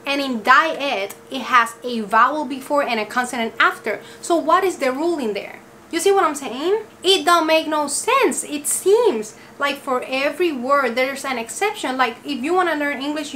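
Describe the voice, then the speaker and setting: A woman vlogging to camera in casual talk, exasperated, firing rhetorical questions and sounding words out slowly to make her point. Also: sits high, sharp tone, a little hiss or hum.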